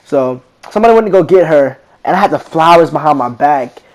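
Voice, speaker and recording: A man's voice: on the high side, fast. A teenage boy casually telling a rambling story in slangy talk, acting out what people said. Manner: slangy, rambling, animated retelling with quoted voices. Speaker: vlogger.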